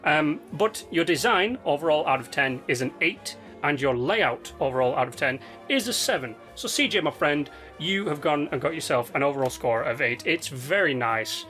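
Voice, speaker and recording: A relaxed man narrating over gameplay with a slightly raised pitch. He talks in easygoing slang and wanders between thoughts with plenty of ums. Soft music plays faintly behind him. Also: moderate pace, few pauses. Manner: laid-back, slangy and rambling with many ums and restarts. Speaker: gaming video host reviewing player builds. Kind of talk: casual game commentary. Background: faint background music.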